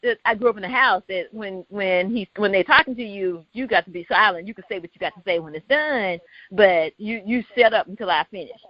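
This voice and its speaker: A woman's voice: mid-range voice, a little fast, no echo. A woman hosting a casual discussion, telling a long personal story and acting out the dialogue of the people in it. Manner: storytelling, animated, quotes others in dialogue. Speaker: host. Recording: dull lo-fi sound.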